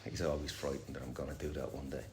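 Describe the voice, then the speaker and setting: A man's voice: a bass voice, flat delivery, quick pace. A middle-aged man giving a rambling, candid and heavily profane personal share at a recovery meeting. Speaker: speaker sharing at a recovery meeting. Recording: echoey room with faint noise.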